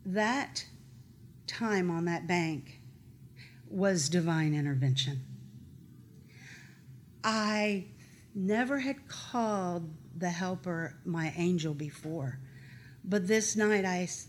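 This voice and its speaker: A middle-aged woman telling a personal story in an earnest, halting, animated way. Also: fairly low pitch, slight background noise.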